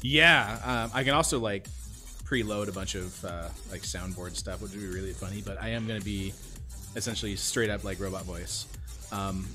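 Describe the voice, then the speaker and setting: A man player chatting quickly and upbeat, full of fillers and restarts. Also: on the low side, steady tone, sharp tone, faint music behind. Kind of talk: casual chat.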